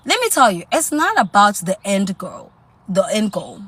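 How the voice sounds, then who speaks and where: A woman's voice: mid-range voice, very animated, normal speed, fairly bright tone, slightly rough. A woman hosting a casual self-improvement livestream, chatty and sassy, stopping to answer live comments.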